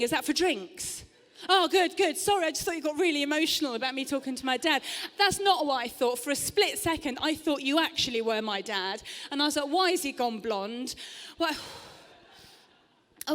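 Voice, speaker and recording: A middle-aged woman works the room from a theatre stage, her high voice bright and chatty as she mocks herself and tosses quick asides to the crowd. A long reverb from the hall trails every line. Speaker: stand-up comedian. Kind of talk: live stand-up set.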